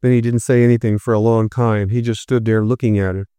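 A man narrating a first-person story in a steady, measured reading voice. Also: lowish voice, smooth, dry recording.

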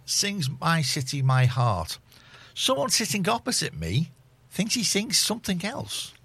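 A man's voice: a little high, a little slow, dry recording. A man presenting on community radio, teasing and joking in casual studio chat. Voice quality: husky, gravelly. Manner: jokey, teasing, animated.

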